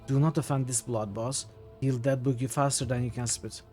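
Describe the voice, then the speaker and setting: Wisecracking floating skull sidekick, male, slangy and pleading, as a streamer reads him aloud. Light read with a slight lift in pitch. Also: fairly even intonation, moderate pace, a little mellow, faint music behind, lightly acted. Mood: nervous.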